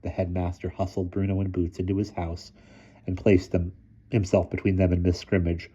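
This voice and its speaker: A man reading a children's novel aloud in a calm, measured storytelling voice. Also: sits low, breathy edge. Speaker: reader. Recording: dull lo-fi sound.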